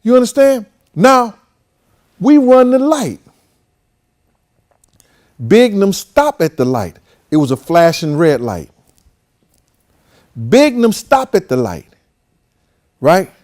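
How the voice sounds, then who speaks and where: High, animated male storyteller. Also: takes it slowly, long pauses. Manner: animated, profane, acts out the voices of people in the story. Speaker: host. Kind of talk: casual storytelling.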